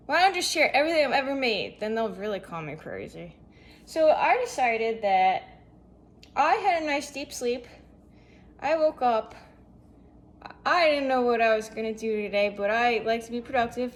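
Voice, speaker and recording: High-voiced chatty young woman vlogger. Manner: chatty, rambling, lots of rhetorical questions. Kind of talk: casual rambling self-help monologue.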